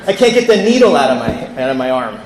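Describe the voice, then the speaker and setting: A man's voice: medium pitch, big pitch swings, quick pace, a crowd in the background. A man from California telling his recovery story to a convention audience, candid, with quoted voices acted out. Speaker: recovery speaker. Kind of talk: personal recovery talk at a convention. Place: large convention hall. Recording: echoey hall with long reverb.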